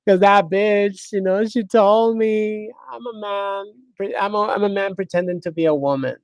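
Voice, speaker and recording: A woman's voice: mid-range voice, fairly even intonation, moderate pace, a little mellow, dry recording, pitched above the performer's own voice, lightly acted. A woman putting on the voice of a whiny, offended woman who melodramatically wails and sobs. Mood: mock-wailing. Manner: mocking, exaggerated wailing.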